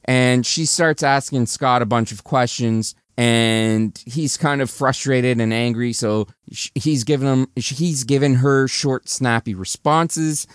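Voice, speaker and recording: Clear-voiced man casually recapping a movie. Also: medium pitch, unhurried, few pauses, no echo, studio quality. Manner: chatty, animated retelling with restarts.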